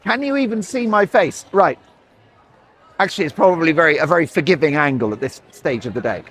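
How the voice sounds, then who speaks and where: A man's voice: a little high, lively intonation, fairly quick, a bit bright, breathy edge. A man in his forties, a talk show host rambling in chatty, sarcastic commentary, recorded outdoors. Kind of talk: opinionated commentary.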